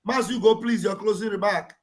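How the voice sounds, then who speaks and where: A man's voice: high-pitched, fairly even intonation, fairly quick. A man hosting a live online talk show, calling on speakers and reacting with encouraging, repeated phrases. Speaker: host.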